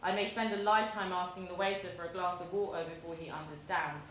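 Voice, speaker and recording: A woman in her thirties from London with a London accent, reading her own essay aloud to an audience in a measured, deliberate, wry way. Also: fairly low pitch, steady tone, a bit bright. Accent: London English. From London, England. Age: 30s. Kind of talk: live reading of a personal essay. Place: large echoey museum event space. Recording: very echoey room, faint background noise.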